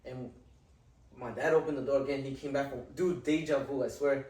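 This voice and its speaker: A man's voice: mid-range voice, fairly even intonation, darkish tone, roomy sound, distant mic, low-quality recording. A man hosting a podcast, talking casually with lots of fillers and swearing. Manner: casual, profane, halting with many fillers. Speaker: podcast host. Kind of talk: casual conversation.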